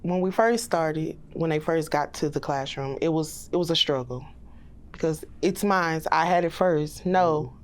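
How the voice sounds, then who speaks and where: Woman, pre-K teacher, lower register, plainspoken podcast guest who quotes the kids. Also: a little slow. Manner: plainspoken, quotes children and herself in lively voices. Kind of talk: casual storytelling in a podcast interview.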